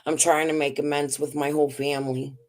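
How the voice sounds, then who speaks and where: A woman's voice: deep voice, little pitch movement, brisk. A woman streamer giving blunt, angry commentary and swearing freely. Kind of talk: livestream commentary.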